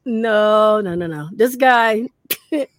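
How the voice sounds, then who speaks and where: A woman telling paranormal stories on a casual podcast, animated, acting out quotes and laughing often. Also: mid-range voice, takes it slowly, dry recording, clean studio sound. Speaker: guest paranormal investigator.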